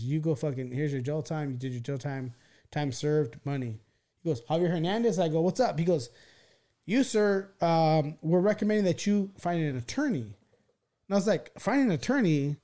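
A man on a podcast telling a wild story in rambling, profane casual talk, full of restarts and acted-out quotes. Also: on the high side. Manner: animated, acts out quoted voices.

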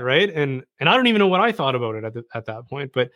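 Animated man telling a story. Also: on the high side, very fast, dry recording, studio quality. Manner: animated, self-deprecating storyteller with frequent restarts. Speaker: podcast guest. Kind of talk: casual storytelling conversation.

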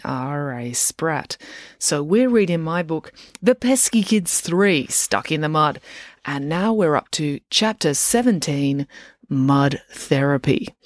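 Woman narrating a bedtime story; low, close and dry. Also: takes it slowly, no echo. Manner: gentle, expressive storytelling with put-on character voices. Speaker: children's author reading her own book.

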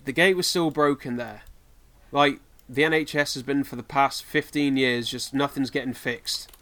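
A man's voice: mid-range voice, fairly even intonation, moderate pace, a bit bright. A man from the United Kingdom co-hosting a podcast in casual chat, rambling with lots of fillers and laughing often. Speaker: podcast co-host.

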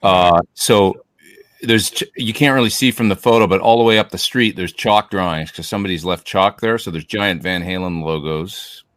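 Deep-voiced man hosting, dry sound. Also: moderate pace, fairly bright tone, no echo. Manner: enthusiastic, chatty. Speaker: show host. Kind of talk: casual chat.

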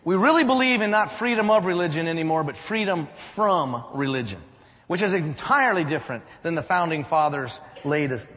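Lively pastor preaching in a church; high, swooping voice, dull recording with long hall reverb. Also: male voice, fairly quick. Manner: animated, storytelling, emphatic. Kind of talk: sermon.

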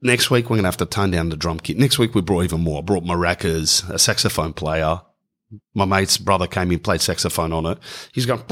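A man's voice: fairly low pitch, fairly bright tone. A man in his thirties with an Australian accent, rambling through a comic story in slangy, casual speech. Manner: rambling, slangy, keeps saying bro. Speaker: comedian storyteller.

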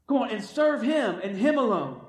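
A man's voice: very high-pitched, big pitch swings, normal speed. A man preaching a sermon, exhorting his listeners with repeated calls of "come on" and acting out the quotes he tells. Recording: echoey room from far off.

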